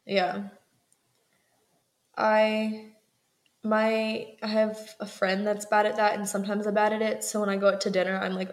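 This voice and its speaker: A woman's voice: mid-range voice, flat delivery, measured pace, pauses often. A young woman co-hosting a podcast, chatting casually, filling her talk with "like" and laughing often. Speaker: podcast co-host. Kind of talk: casual chat.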